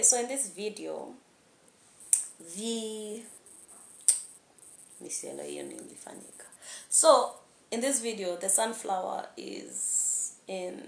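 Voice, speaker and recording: A young woman vlogger rambles candidly through a monologue, laughing often. Her mid-range voice is gravelly, and the room sounds echoey.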